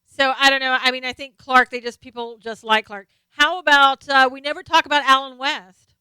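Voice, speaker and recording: A woman's voice: high voice, fairly even intonation, normal speed, pushed and bright, smooth, no echo. A woman hosting a live stream, casually chatting about politics and answering viewer comments as she reads them out. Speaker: live stream host reading chat.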